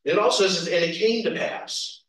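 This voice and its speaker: Man, preacher, folksy storytelling, chuckles, fairly high voice, booming church echo. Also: normal speed, a bit bright. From Kentucky, USA. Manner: folksy, chuckling, calls out amens. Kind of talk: informal sermon with personal stories. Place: church sanctuary. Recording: echoey church hall, distant mic.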